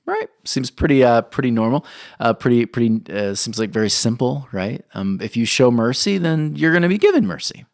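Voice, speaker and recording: Animated male pastor preaching a sermon. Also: brisk, dry recording, clean studio sound. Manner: animated storytelling, acting out scenes with rising pitch. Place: church or studio recording.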